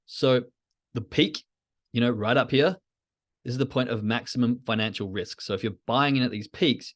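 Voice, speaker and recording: A man teaching trading in a casual podcast lesson, walking through a chart and acting out the thoughts of anxious traders in quick asides. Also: medium pitch. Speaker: trading educator.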